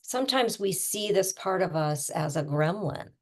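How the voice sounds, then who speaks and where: A middle-aged woman coach talking casually, explaining with everyday images and quick asides. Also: on the low side, lively intonation. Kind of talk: casual conversational teaching.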